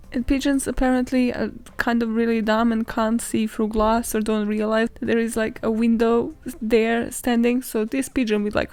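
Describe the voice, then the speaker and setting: Sweary, chatty woman podcaster with gravelly voice. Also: a little high, a little mellow. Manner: chatty, sweary and sarcastic, laughing often; dramatizes stories and acts out quotes. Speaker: podcast host. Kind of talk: casual solo podcast storytelling.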